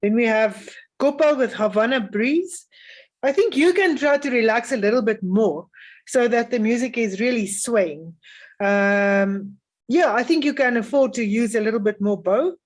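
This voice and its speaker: High-voiced woman giving calm feedback. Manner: calm, encouraging, measured, with frequent um pauses. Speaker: music festival adjudicator. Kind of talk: spoken feedback to young string players.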